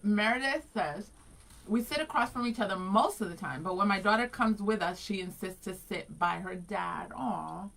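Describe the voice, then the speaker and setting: A woman's voice: medium pitch, moderate pace, creaky, fairly bright tone, low-quality recording. A woman in her forties co-hosting a casual morning show, laughing often and reading listener comments aloud. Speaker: co-host.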